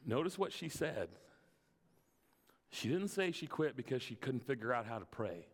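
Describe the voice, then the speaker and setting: A male pastor gives a casual, heartfelt sermon, stumbling over his first words and adding light laughs. His voice sits at an ordinary pitch. It rings with the long reverb of a church hall. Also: expressive, normal speed, husky. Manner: earnest, repeats words when starting sentences, laughs lightly. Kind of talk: conversational sermon.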